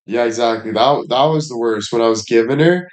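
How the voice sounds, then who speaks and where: A man's voice: mid-range voice, a little fast, roomy sound. A young man livestreaming, chatting casually in a rambling, profane, laid-back way.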